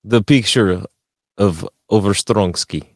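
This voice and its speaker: A man's voice: lowish voice, slow pace, no echo, studio quality. A man co-hosting a podcast in casual, crude chat, teasing and interrupting his partner with jokes. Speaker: podcast co-host.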